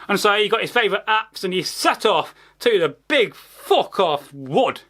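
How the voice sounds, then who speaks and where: Guy rambling thru a saga, swears loads, bright sharp voice. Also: high-pitched, lively intonation, moderate pace. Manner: rambling, sweary, full of asides. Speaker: storyteller. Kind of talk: casual storytelling.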